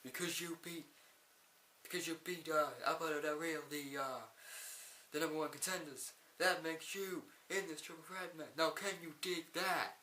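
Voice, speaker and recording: A brash wrestling boss with a swaggering, drawling delivery, as a man puts him on. He stretches his words slowly in a somewhat raised, bright voice. The room around him rings with echo. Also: on the high side, fairly even intonation, a little hiss or hum. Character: brash male wrestling show boss, middle-aged, swaggering. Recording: echoey room.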